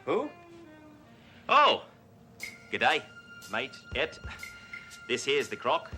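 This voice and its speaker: A man's voice: mid-range voice, lively intonation, takes it slowly, pushed and bright, faint music behind, pitched above the performer's own voice. Crocodile Bruce, a man faking a brash Aussie tycoon. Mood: flirty. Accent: put-on Australian. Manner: boastful, hammy, slang-heavy. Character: brash fake-Australian rich male car dealer. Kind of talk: 1980s sitcom acting.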